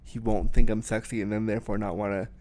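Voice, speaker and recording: A man's voice: fairly low pitch, level tone, fast talker, dark tone. A young man talking frankly in a conversation, laughing often and restarting his sentences. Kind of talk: candid conversation.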